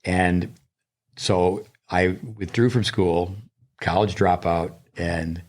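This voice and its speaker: A man's voice: deep voice, fairly even intonation, slow, darkish tone. An older man, a tennis coach and podcast co-host, telling long digressive stories in casual chat, with many restarts.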